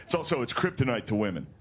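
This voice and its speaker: A male comedian working through a deadpan, self-deprecating stand-up set in a mid-range voice. He is heard through TV broadcast audio, with clear audience noise in the background. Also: medium pitch, a little fast. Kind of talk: stand-up monologue. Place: TV studio stage with live audience.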